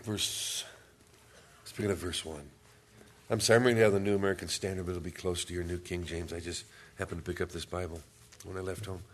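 A man with a fairly low voice preaches a sermon. He tells a story, jokes with the congregation, then reads scripture aloud in a booming, forceful voice. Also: fairly even intonation, fast. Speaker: pastor.

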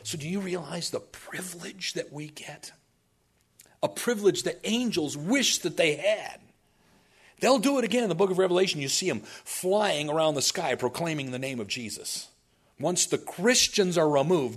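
A man's voice: a little high, expressive, moderate pace, breathy edge. A male pastor preaching a sermon, telling stories animatedly with asides to the congregation.

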